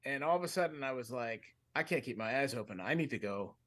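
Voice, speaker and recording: A man's voice: medium pitch, lively intonation, quick pace, fairly bright tone. A man on a comedy podcast telling a long story in a casual, rambling way, often breaking off and laughing mid-sentence. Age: adult, with a fiance. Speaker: podcast co-host.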